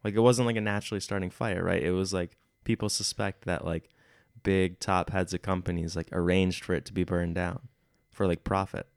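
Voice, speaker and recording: A man's voice: low-pitched, little pitch movement, fairly quick, hardly any pauses, no echo, studio quality. A young man hosting a podcast, chatting in an easygoing, hesitant way. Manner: easygoing, hesitant, chuckling asides. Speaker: podcast host. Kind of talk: casual chat.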